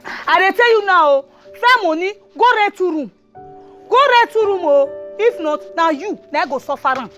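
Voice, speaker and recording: A woman's voice: very high-pitched, animated, a bit bright, soft background music. An actress playing a complaining wife and mother in a Nollywood comedy, with a Nigerian accent and a whiny, insistent way of talking. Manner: whiny and insistent, drawn-out wails.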